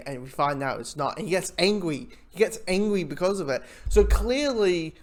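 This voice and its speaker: A TV reviewer giving a casual spoken episode review, excitable and swearing, loudly quoting their own reactions. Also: mid-range voice, normal speed, few pauses.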